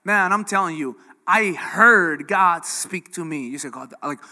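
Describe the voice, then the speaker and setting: A man preaching with a high, very bright and forceful voice. He talks in a lively, conversational way and keeps turning to the crowd with questions. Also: unhurried, big-room sound. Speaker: pastor. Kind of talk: sermon.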